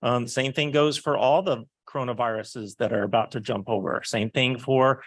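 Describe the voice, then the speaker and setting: A man's voice: mid-range voice, fairly even intonation, no echo. Candid man answering on a panel. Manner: candid, halting, quick asides. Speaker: researcher on a panel.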